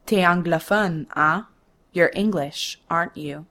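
A sneering middle-aged Quebec man, low and unhurried, snorting his words at a shop cashier, as a woman narrator puts him on. He talks down, drawn out and slow. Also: a bit bright. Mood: mocking. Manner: snorting, condescending. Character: gruff middle-aged French-speaking Quebec man, mocking.

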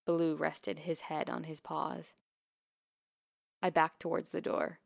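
A woman narrating a first-person memoir in a quiet, measured, intimate way. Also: deep voice, level tone, vocal fry, dry recording, studio quality.

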